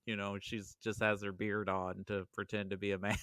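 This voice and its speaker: Guy on a podcast retelling movie bits, laughing a lot, smooth voice. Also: on the low side, level tone, moderate pace, a bit bright, no room sound, clean studio sound. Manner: laughing storyteller, acts out quoted lines. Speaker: podcast guest. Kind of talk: casual chat.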